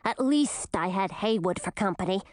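A woman voicing a small, sharp-tongued female pet snake in a storybook reading, teasing and dryly critical. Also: medium pitch, animated, moderate pace, no room sound, clean studio sound, natural voice.

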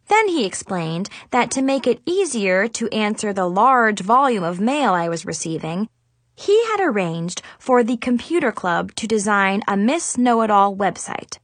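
A young woman narrating a story in a lively, expressive reading style. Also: mid-range voice, measured pace, dry recording. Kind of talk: scripted audiobook narration.

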